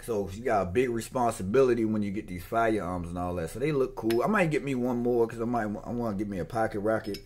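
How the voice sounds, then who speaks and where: A man's voice: lowish voice, fast talker, hardly any pauses, noisy background. A man talking in a loose, slangy, meandering way while he chats casually to camera. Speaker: gun owner vlogger. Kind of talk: casual rambling chat.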